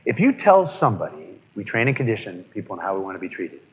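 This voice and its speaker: A man giving a live motivational seminar, energetic, asking the room questions and repeating key points. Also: lowish voice, fast talker, husky. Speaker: motivational speaker. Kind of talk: live seminar talk to an audience. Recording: dull lo-fi audio with long reverb.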